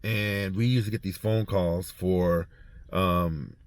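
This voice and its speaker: Halting, storytelling man, dry sound. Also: deep voice, fairly even intonation, dry recording. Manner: halting, repeats words while storytelling. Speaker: former prison officer. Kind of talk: casual spoken reflection. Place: heading home after treatment.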